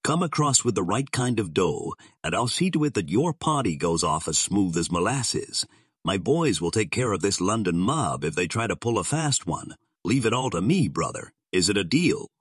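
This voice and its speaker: A man's voice: fairly low pitch, big pitch swings, moderate pace, husky, no room sound, studio quality. A man voicing a sardonic male gangster boss who drawls his threats in slang. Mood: menacing.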